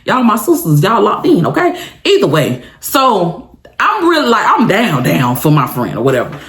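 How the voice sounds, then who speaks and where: A woman's voice: mid-range voice, moderate pace, echoey room. A woman vlogger telling a story in a casual chat, talking straight to viewers and laughing often. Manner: animated, dramatic, talks straight to viewers.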